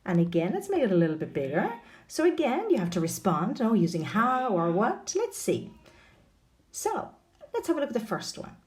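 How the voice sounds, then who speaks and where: A woman teaching an online English lesson, asking the viewer questions in an expressive way. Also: mid-range voice, moderate pace.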